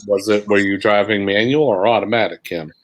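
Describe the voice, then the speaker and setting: A man's voice: fairly low pitch, steady tone, fairly quick, low-quality recording. A man joking and chatting with enthusiasm in a casual group talk. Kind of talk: casual chat.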